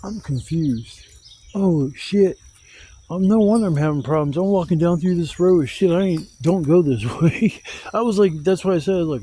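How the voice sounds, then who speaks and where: Out in the woods collecting firewood, this camper curses freely and rambles in a Southern-style casual vlog. His voice is high-pitched, warm and a bit breathy at a moderate pace, recorded through a camera mic on a handheld gimbal.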